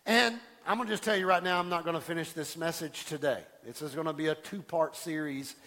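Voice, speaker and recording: Pastor guy preaching in a church, bright sharp voice, big hall echo, keeps restarting and doing other people's voices. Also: on the high side, fairly quick. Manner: animated, repeats words and restarts, acts out quoted voices. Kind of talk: sermon. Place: church sanctuary.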